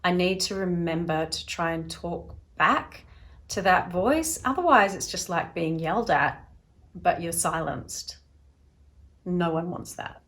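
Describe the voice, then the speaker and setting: A woman's voice: lowish voice, animated, measured pace. A woman hosting a self-help video, talking casually to camera and acting out little voices as she explains. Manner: chatty, acts out little voices in quotes; drops to a soft, quiet tone at times.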